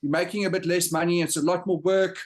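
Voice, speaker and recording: Man, guest on a podcast, slightly high voice, halting, lots of fillers. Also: steady tone. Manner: halting, many fillers and restarts. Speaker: guest, entrepreneur. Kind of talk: casual chat among friends.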